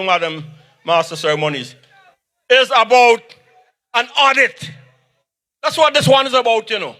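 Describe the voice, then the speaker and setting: A man with a Vincentian accent giving a fiery campaign speech at an outdoor rally, shouting in rhythmic repeated phrases. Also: very high-pitched. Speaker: political speaker.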